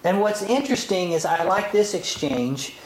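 A man teaching from scripture in a relaxed sermon style, chatty and given to side remarks and acted-out intonations. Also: sits high, moderate pace. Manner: conversational, digresses with chuckles, acts out intonations. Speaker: Bible teacher. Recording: roomy hall, faint ambience.

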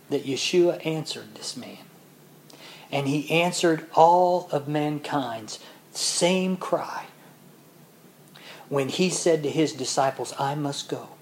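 Slow, deliberate male preacher. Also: a little high, slight background noise. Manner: slow, deliberate preaching that swells to loud emotional peaks. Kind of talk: sermon.

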